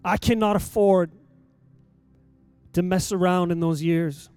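A man, a pastor, preaching a sermon in a church and rising to loud exhortation as he reads scripture. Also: sits high, steady tone, measured pace, clean tone, faint music behind. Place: church sanctuary.

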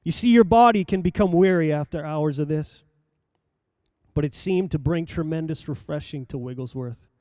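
Warm-voiced older male preacher. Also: a little high, moderate pace, no echo, studio quality. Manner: lively anecdotal telling with acted quotes. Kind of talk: sermon storytelling.

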